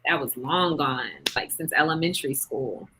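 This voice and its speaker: A woman's voice: low-pitched, moderate pace, sharp tone, a little hiss or hum, rough recording. A woman raised in England, casually chatting as host and leaning on lots of filler words. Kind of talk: casual group chat.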